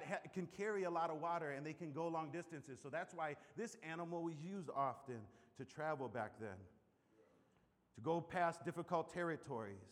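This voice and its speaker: A man preaching a sermon as pastor, telling stories with loud bursts and hushed asides. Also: on the high side, long reverb tail.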